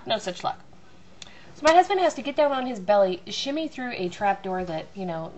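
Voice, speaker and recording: A woman's voice: fairly high pitch, a little hiss or hum. A woman telling a long, rambling, self-mocking story about her family at home. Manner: chatty, self-mocking, acts out loud voices.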